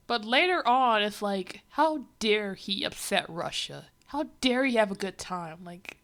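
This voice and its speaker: Streamer woman, fairly high voice, casual exasperated rant while reacting. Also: fairly bright tone. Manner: exasperated, ranting. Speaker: livestreamer.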